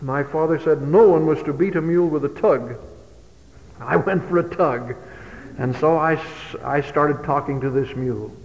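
A man's voice: a little high, moderate pace, darkish tone. A man giving a speech to youth, telling humorous stories in a folksy way. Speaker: speaker. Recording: dull old hall recording with long reverb.

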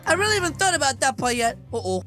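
A woman hosting a game role-play as a wolf kid, hyper and jokey, often shouting. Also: sits high, big pitch swings, fast talker, music in the background. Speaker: gaming channel host.

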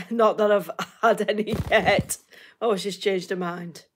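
Hosting a livestream, this Northern English woman talks casually with her audience, frequently laughing and saying things more than once. She speaks slowly at medium pitch with fairly even intonation, and there's a little hiss or hum.

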